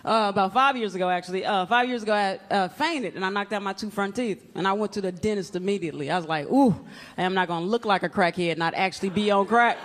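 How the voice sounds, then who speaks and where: This stand-up set comes from a live club recording, crowd laughter and noise included. The woman talks fast in a mid-range voice, brash and playful as she plays out little scenes on stage before the audience.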